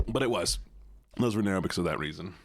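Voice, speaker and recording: A man's voice: low voice, expressive, fast, dry recording, clean studio sound. A man streaming live, chatting with his viewers in a playful, teasing way.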